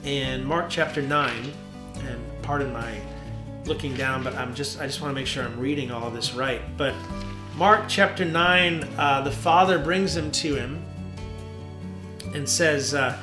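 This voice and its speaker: A man, a worship leader, hosting a casual devotional talk from his home studio, relaxed and rambling with many fillers. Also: mid-range voice, measured pace. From New Jersey. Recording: roomy studio with soft guitar.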